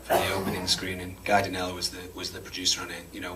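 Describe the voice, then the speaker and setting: Deep-voiced man, chatty and wry. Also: completely flat delivery. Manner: chatty and self-deprecating, quick to laugh. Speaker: actor answering audience questions. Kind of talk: festival Q&A after a screening. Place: cinema auditorium before an audience. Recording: distant mic with faint room noise.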